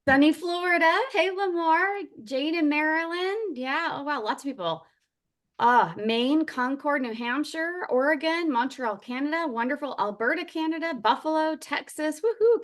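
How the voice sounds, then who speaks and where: A woman's voice: sits high, a bit bright. A woman yoga teacher leading an online workshop over a video call, chatty and upbeat, greeting attendees by name. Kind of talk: casual online workshop talk.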